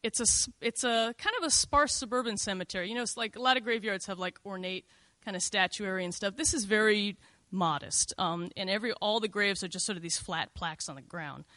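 A middle-aged woman recounts a personal story with a bright, forceful edge to her voice. She talks casually and confessionally, scattering "like" and "you know" through her sentences. The recording is close and dry, with no room sound. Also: mid-range voice, fairly quick, few pauses, dry recording. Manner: conversational, frequent "like" and "you know", candid and confessional.

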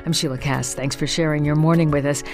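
A woman radio host with a lowish voice reads a friendly scripted sign-off. Faint music plays under her broadcast. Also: fairly even intonation, fast, a little mellow. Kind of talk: radio show outro.

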